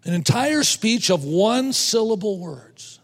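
A man preaching a sermon to fellow preachers, emphatic, repeating words and slowing down to stress points. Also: sits high, very animated, long reverb tail. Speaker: preacher teaching other preachers.

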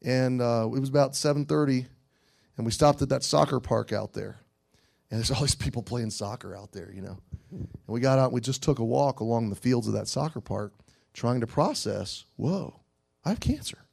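A middle-aged man preaching a sermon to teenagers, earnest, swinging between loud exhortation and hushed storytelling. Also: mid-range voice, normal speed, vocal fry. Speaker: youth pastor.

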